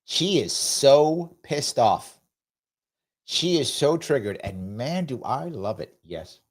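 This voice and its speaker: A man's voice: mid-range voice, expressive, takes it slowly. A man hosting a live political commentary show, talking in a sarcastic, mocking way. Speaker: host.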